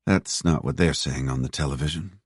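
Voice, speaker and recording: A man's voice: extremely low pitch, brisk, breathy edge, dry recording, studio quality. A man voicing a young woman aid worker, light and a little wry.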